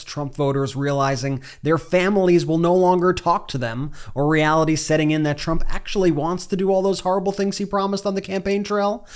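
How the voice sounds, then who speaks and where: A man's voice: fairly high pitch, smooth. A man hosting a political commentary show, delivering pointed scripted commentary.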